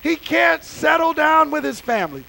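A man preaches with fervor, talking straight to his congregation in a folksy, plainspoken way. His voice sits unusually high for a man. It also carries a gravelly edge. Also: big pitch swings, normal speed, bright, forceful tone, low-quality recording. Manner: impassioned, conversational preaching with folksy asides. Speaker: pastor. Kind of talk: sermon.

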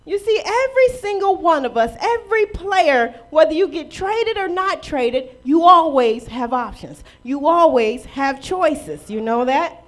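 Woman preacher, very high voice, lively sermon w/ lots of questions, bit of aave. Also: a little slow. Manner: lively preaching with rhetorical questions and playful acted quotes. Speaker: pastor.

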